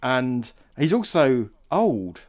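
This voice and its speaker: A man's voice: mid-range voice, very animated, very slow, a little mellow. A man co-hosting a film podcast in casual chat, musing aloud, hesitant, often trailing off and restarting. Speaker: podcast co-host.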